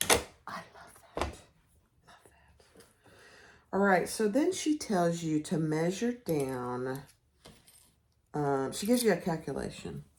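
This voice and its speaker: A woman with a low voice talks her way through a sewing project, slow and unhurried. She chats and laughs at her own setup as she works. The recording carries clear background noise from her sewing room. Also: darkish tone. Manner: chatty, self-deprecating, talks while working. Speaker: sewing pattern tutor. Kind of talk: casual sewing tutorial.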